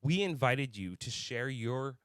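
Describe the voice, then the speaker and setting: A man's voice: medium pitch, lively intonation, unhurried, a bit bright, clear, resonant tone, no echo. A man co-hosting a casual podcast, his mid-range voice recorded dry and close. He talks with heated anger, swearing often. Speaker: podcast co-host. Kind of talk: casual chat.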